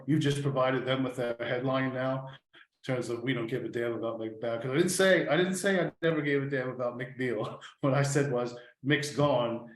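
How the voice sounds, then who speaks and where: A man with a mid-pitched voice, hoarse and coughing now and then as he answers questions about his football club. He rambles, restarts and repeats words as he goes. His voice comes through an echoey room. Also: moderate pace. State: coughing, struggling to speak. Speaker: football club chief executive. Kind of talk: podcast interview answers.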